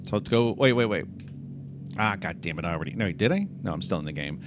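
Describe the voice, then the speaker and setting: A man with a low-pitched voice talks fast and with animation, with a little hiss or hum in the audio. Livestreaming his game development, he thinks aloud while debugging, mutters to himself and speaks directly to his chat in casual conversation.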